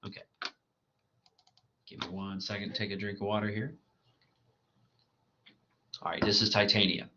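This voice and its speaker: A man's voice: lowish voice, little pitch movement, normal speed, long pauses, pushed and bright. A man giving a recorded literature lecture, with casual asides. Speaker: literature professor. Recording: lo-fi dull recording.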